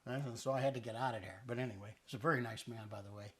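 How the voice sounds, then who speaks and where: A man's voice: mid-range voice, fairly even intonation, racing, a bit bright. A man hosting a cooking show, chatting playfully and teaching Italian words as he cooks in a kitchen. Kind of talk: casual cooking demonstration. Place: kitchen with island and stovetop.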